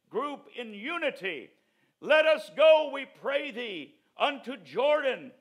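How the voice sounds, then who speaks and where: Male preacher, graduation sermon, high-pitched, fervent delivery. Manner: fervent, building to shouts.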